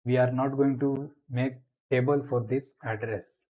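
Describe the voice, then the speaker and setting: A man's voice: medium pitch, fairly even intonation, warm tone, low-quality recording. A man explaining a programming lesson step by step as he types code in a screencast tutorial. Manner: slow, step-by-step explaining while typing.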